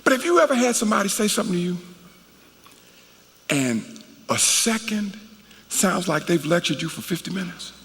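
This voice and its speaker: A man's voice: sits high, sing-song, normal speed, creaky, long pauses, fairly bright tone. A middle-aged man preaching a folksy, conversational storytelling sermon at a church conference, talking to the crowd as he goes. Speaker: guest preacher. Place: large worship hall at a church conference. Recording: reverberant hall.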